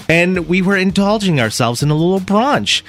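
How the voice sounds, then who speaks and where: Animated storytelling radio host man. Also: high-pitched, normal speed, soft background music. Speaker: radio morning show host. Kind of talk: casual storytelling on air.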